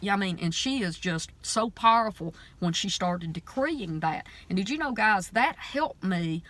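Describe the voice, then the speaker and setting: A woman's voice: mid-range voice, lively intonation, unhurried, fairly bright tone. A middle-aged woman telling a story in a casual faith vlog, earnest and emphatic, with a preacher's fervor. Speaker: preacher and vlogger. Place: out running errands between stores.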